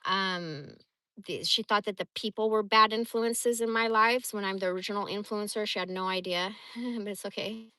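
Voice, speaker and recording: A woman in her forties telling stories from her life on a livestream, blunt, animated and full of swearing. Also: mid-range voice, moderate pace, no echo. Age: 40s. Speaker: livestream host. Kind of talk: casual storytelling.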